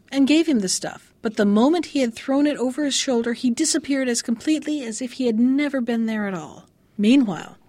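A woman's voice: warm tone, no echo. A woman reading an old fairy tale aloud, lifting her voice for the quoted lines. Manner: lifts pitch for quoted lines. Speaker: storyteller.

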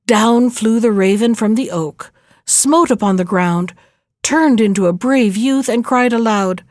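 A woman reading a fairy tale aloud in a slow, measured narrating voice. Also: fairly high pitch, a little mellow, no room sound, studio quality. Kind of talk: storybook reading.

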